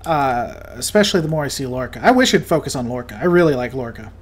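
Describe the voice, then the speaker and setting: A man's voice: medium pitch, expressive, quick pace, slightly rough. A man hosting a livestream, chatting casually while he plays a game and reads out viewer comments with a joking manner. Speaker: livestream host. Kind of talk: casual chat while gaming.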